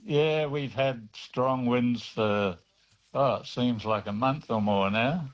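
A man calls in to a radio show, describing his surroundings in a cheerful, mid-pitched voice. The phone line is dull and muffled. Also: slow. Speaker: caller. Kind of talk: casual radio phone chat.

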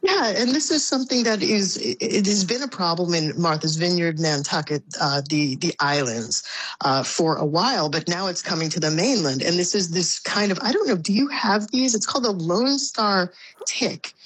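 A woman's voice: low-pitched, a bit bright, breathy edge, no echo. A woman speaking as a guest in a casual conversation, thoughtful, with many restarts and fillers. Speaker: guest commentator on Boston. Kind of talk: casual radio-style conversation. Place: Boston area.

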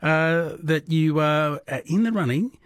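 Aussie radio guy running a quiz, chatty and rambly, slightly high voice, dry studio sound. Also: measured pace, no room sound. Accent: Australian. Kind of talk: casual chat.

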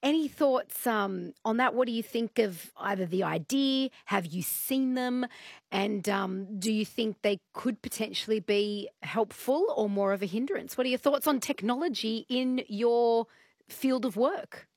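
Gravelly-voiced woman radio host. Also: a little high, unhurried, a little mellow, no echo, clean studio sound. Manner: friendly, curious questioning. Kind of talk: radio interview. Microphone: studio microphone.

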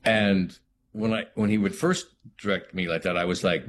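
A middle-aged man speaking as an actor guest in an interview, thoughtful and halting with many restarts. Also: low-pitched, a bit bright, a little hiss or hum. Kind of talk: reflective interview talk.

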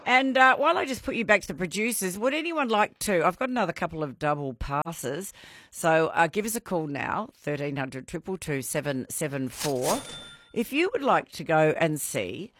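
A woman's voice: on the low side, sing-song, moderate pace, a bit bright, no room sound. Bubbly woman radio host. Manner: bubbly, laughs often. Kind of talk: live radio quiz chat.

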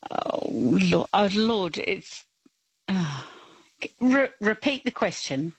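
A woman's voice: mid-range voice, very animated, takes it slowly, slightly rough, no echo. A woman in her late fifties from South Australia calling in to a radio show, hesitant and self-deprecating, with nervous giggles. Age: 50s. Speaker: radio caller. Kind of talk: casual phone-in chat.

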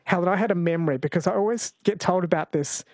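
A man's voice: sits high, fast talker, darkish tone, dry recording. A man hosting a radio phone-in quiz in a casual, chatty way, laughing easily.

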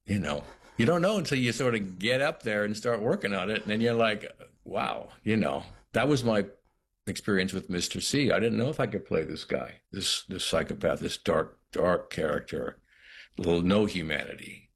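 A man's voice: on the low side, expressive, normal speed, vocal fry, breathy edge. A middle-aged man, an actor being interviewed, reflecting thoughtfully on his work with frequent restarts and quoted asides. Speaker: actor, guest.

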